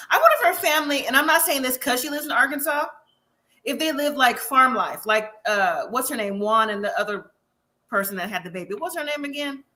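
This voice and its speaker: A woman co-hosting a live review show, chatting casually, animated and laughing often with rhetorical questions. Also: a little high. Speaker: podcast co-host.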